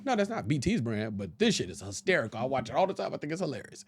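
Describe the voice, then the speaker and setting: A man guesting on a podcast, telling stories casually and jumping into loud, high voices when he quotes people. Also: fast talker, husky. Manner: animated, jumps into loud high voices when quoting people, restarts often. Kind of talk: casual storytelling. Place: podcast studio.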